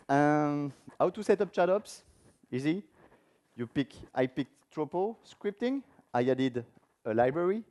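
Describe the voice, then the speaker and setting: Man, conference speaker, live coding demo, informal, mellow lively voice. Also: mid-range voice. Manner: animated, informal, asks the audience questions. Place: conference room before an audience.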